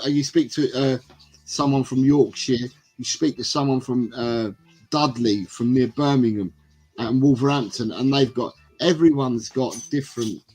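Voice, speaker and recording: On a casual football livestream, an English host reads out chat comments and rambles between them in a mid-range, slightly mellow voice with a breathy edge. The recording is rough.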